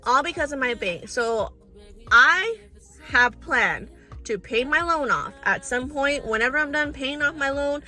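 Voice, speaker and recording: High, bright-voiced young woman telling a story. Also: animated, measured pace, faint music behind. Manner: chatty and exasperated, addresses viewers as y'all and girl. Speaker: storytime vlogger. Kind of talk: casual storytelling to viewers.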